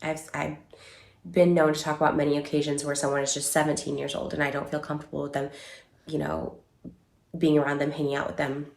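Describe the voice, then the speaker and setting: A woman giving an emotional personal statement to camera, halting with many fillers and restarts. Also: low-pitched, flat delivery, creaky, darkish tone, roomy sound. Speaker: online creator giving a statement.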